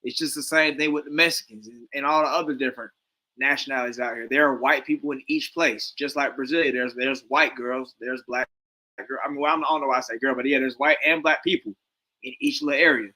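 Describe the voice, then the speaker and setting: A man's voice: medium pitch, steady tone, fairly quick, bright, forceful tone, poor audio. A man giving loose, rambling commentary with lots of slang and fillers. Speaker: stream host reacting to a debate. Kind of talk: casual commentary.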